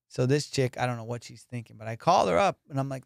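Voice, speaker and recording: A man hosting a podcast, telling a story in a casual, profane, animated way and laughing through it. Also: mid-range voice, normal speed, vocal fry, long pauses, no echo, clean studio sound. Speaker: comedian host.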